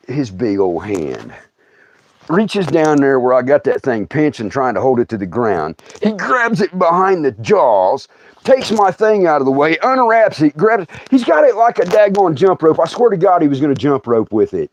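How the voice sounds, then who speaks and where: A middle-aged man telling stories on a livestream in a casual, animated way, laughing often and acting out other people's voices. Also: a little high, moderate pace, no room sound. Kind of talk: casual storytelling.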